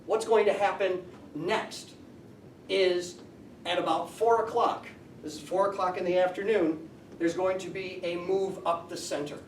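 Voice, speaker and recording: Male teacher lecturing, high-pitched, picked up from across an echoey classroom. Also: fairly even intonation, unhurried, recorded from a distance, a little hiss or hum. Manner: explanatory, asks the class questions. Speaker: high school history teacher.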